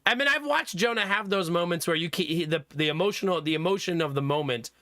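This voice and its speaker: A young man chatting with his stream viewers as a father, telling animated stories and laughing often. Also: high voice, fast, no echo, clean studio sound. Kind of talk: casual chat with stream viewers.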